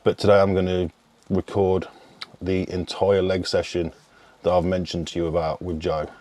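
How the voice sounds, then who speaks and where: A man's voice: sits low, level tone, normal speed, darkish tone. A man, chatting casually to camera as a fitness coach, rambling and swearing freely. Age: 30s. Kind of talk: casual vlog chat.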